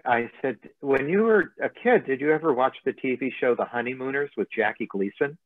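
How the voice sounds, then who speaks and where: A man's voice: mid-range voice, lively intonation, fairly quick, no echo. A man, a motivational coach, giving a webinar presentation over a video call. He talks conversationally and tells humorous anecdotes. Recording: thin phone-like line, dry.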